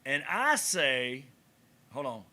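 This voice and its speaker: In a slow, medium-pitched voice, a podcast co-host in a cigar lounge swaps casual banter and tells stories. He brings them to life by acting out the conversations.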